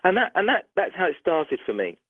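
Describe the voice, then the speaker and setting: A middle-aged man, a doctor, telling a story in a phone interview, animated and restarting sentences often. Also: sits high, fairly quick, dry recording. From United Kingdom. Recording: tinny dry phone line.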